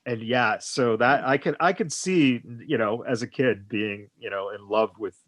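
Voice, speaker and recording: Man, podcast host, medium pitch, rambling with fillers, dry close sound. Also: moderate pace, a bit bright, dry recording. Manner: rambling, heavy on "you know" fillers. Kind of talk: casual podcast interview.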